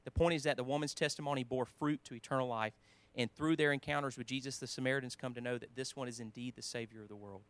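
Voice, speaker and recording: A man preaching a sermon in a conversational way, with restarts, quoting scripture, swinging between emphatic lines and quiet asides. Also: mid-range voice, fairly even intonation, fast, hardly any pauses, smooth.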